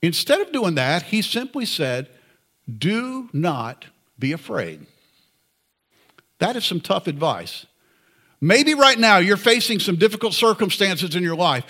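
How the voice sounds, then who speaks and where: Male preacher, bright voice, earnest and conversational. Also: sits high, expressive, unhurried. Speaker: pastor. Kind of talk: sermon.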